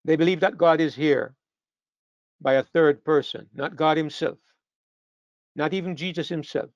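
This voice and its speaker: A man delivers a sermon in a fairly high voice, pushing his pitch and volume up hard whenever he drives a point home and stumbling through restarts along the way. The recording is dry and close, with a dull, muffled tone. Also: moderate pace, no echo. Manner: emphatic, rising sharply in pitch and volume on key phrases, with frequent restarts. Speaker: preacher.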